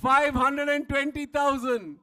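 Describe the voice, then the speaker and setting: A man's voice: very high voice, fairly even intonation. A man working as auctioneer at a live player auction, calling out bids again and again and pushing the room for more. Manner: rapid repetitive bid calling, rising to shouts. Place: event hall.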